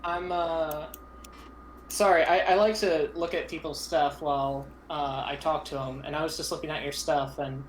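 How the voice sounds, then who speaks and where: A woman's voice: low voice, steady tone, moderate pace, echoey room, a little hiss or hum, poor audio. A woman from Florida in a casual chat, joking wryly at her own expense. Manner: wry, self-deprecating.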